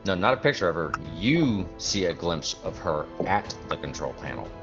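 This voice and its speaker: A man narrating as game master of a tabletop game, animated and acting out sounds. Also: deep voice, moderate pace, highs cut off, music in the background. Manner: animated, acts out sounds and characters.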